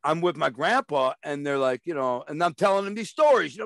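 A blunt, streetwise guest from Detroit rattles off rambling stories in a casual interview, repeating words and acting out the voices of people he quotes. His voice sits high with a fairly bright tone, and he talks quickly with few pauses. The studio sound is clean, with no room sound.

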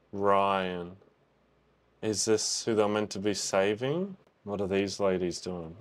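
A young man, chatting and exclaiming as he reacts to a film for the first time. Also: deep voice. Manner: chatty, exclaims and thinks aloud. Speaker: reaction video host. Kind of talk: casual film reaction commentary.

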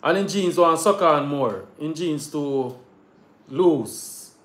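A man's voice: on the high side, takes it slowly. A Jamaican man chatting casually in patois, agreeing readily and telling stories. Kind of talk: casual chat. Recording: roomy echo.

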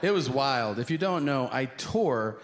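A man doing stand-up on a comedy stage, telling stories in a wry, self-mocking way with halting fillers. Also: mid-range voice, expressive. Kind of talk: stand-up storytelling. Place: comedy stage with live audience. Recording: noisy live stage recording.

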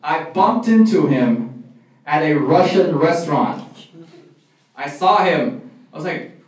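A young man performing stand-up comedy and emceeing a college show, animated and loud in his bits. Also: a little high, takes it slowly, pauses often. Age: young adult. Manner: animated, shouts during acted-out bits. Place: college comedy club room. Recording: echoey room, mic far off, crowd and noise.

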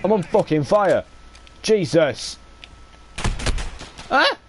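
A young man giving excitable, sweary live commentary while playing a shooter game. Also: high-pitched, extremely slow, a little hiss or hum. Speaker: gaming streamer.

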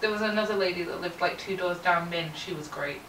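A woman's voice: fairly low pitch, fairly quick, a crowd in the background. A woman hosting a podcast in casual chat, chatty and giggly, with plenty of likes. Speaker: podcast host. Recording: echoey room, mic at a distance, faint hiss.

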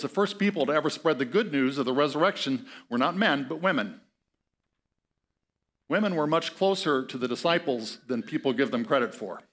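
A man's voice: a little high, a bit bright. Conversational male pastor preaching. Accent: Upper Midwest American. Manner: conversational, reads scripture aloud with asides and chuckles. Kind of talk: sermon.

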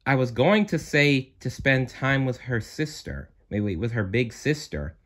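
Man doing a kind young guy, patient, gentle, storybook character. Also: medium pitch, big pitch swings, measured pace.

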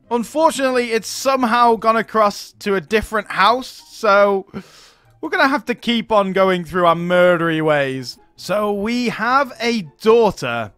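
A man with a fairly high voice talks through his strategy game in a chatty, easygoing way and chuckles often as he goes. He is recorded close and dry on a desk mic. Faint game music plays underneath. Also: expressive, measured pace, a bit bright, dry recording. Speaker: gaming YouTuber. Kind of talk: gameplay commentary.

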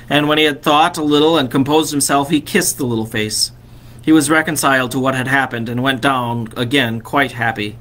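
A man, a vicar, reading a classic story aloud expressively and slowing on key phrases. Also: a little high, fairly bright tone.

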